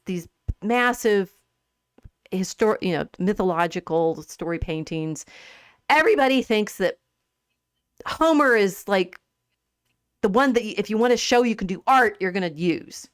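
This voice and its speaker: A woman hosting a podcast in a casual discussion about literature. She talks in an animated way, laughs often and restarts her sentences. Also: mid-range voice, a little slow, clean tone, dry recording, clean studio sound. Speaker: podcast host.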